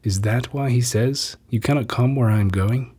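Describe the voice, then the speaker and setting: A man's voice: medium pitch, normal speed, warm tone, breathy edge, lightly acted. A man reading scripture, giving the crowd's challenging questions an indignant tone. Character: a crowd of arguing men, indignant.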